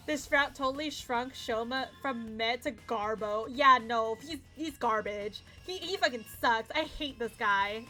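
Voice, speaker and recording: A woman's voice: a little high, unhurried, hardly any pauses, sharp tone. A young woman streaming a visual novel, ranting emotionally to her chat, swearing and near tears. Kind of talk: casual game commentary to chat. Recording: faint background game music. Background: game audio and music.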